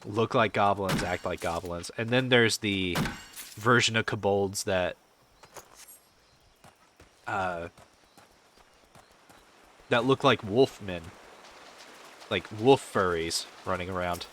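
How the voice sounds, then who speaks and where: Bright-voiced, profane male streamer. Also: lowish voice, slow, long pauses, slight background noise. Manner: rambling, profane, answers chat. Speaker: game streamer. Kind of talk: casual stream chat.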